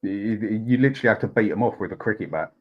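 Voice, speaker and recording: A man's voice: fairly low pitch, fast talker, dull audio. A man with a London accent, co-hosting a casual football podcast and telling blokey, sweary anecdotes. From London, England. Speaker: podcast co-host.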